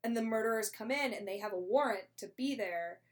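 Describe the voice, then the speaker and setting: A woman recaps a story in easygoing conversation. She is chatty and animated, and she drops into the characters' lines as she goes. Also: on the high side, brisk. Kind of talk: casual chat retelling a play.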